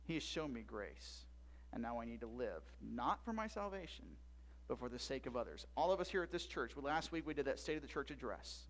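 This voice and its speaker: This pastor's sermon is animated and a little fast, in a medium-pitched male voice. He punctuates it with loud, rising emphasis, quiet asides, and frequent tag questions aimed at the congregation.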